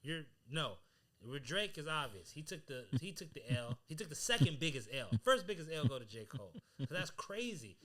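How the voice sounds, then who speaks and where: A man co-hosting a podcast in casual chat, talking in an animated, emphatic way full of slang. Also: a little high, fairly quick. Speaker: podcast co-host.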